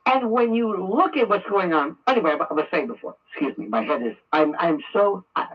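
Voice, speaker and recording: A man's voice: sits high, animated, fairly quick, slightly rough, far from the mic. A man hosting a political talk radio show, ranting angrily and repeating himself. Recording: muffled radio audio from afar.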